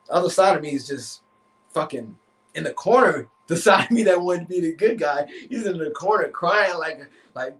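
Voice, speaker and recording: A man with a fairly high voice tells a story on a live stream. He is animated and swears freely as he talks. He acts out the voices of the people in his story. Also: fairly quick, rough recording. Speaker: therapist and relationship coach.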